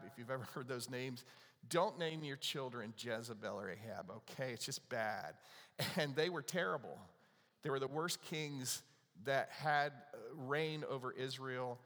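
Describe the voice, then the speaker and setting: Chatting with his congregation and asking them questions, a pastor delivers his sermon conversationally. He has a medium-pitched, fairly bright voice, and the sound suggests a big room.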